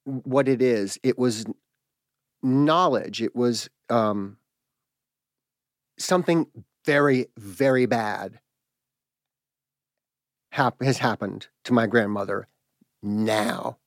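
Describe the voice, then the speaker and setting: A man telling a personal story in a halting, reflective way, pausing and restarting as he searches for words. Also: mid-range voice, no echo, studio quality.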